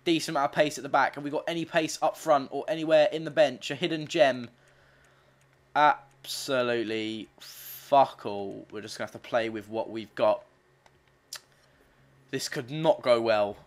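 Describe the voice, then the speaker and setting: A man's voice: medium pitch, moderate pace. Brief: male gaming YouTuber, crude and frustrated, live gameplay commentary. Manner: sweary, frustrated, animated.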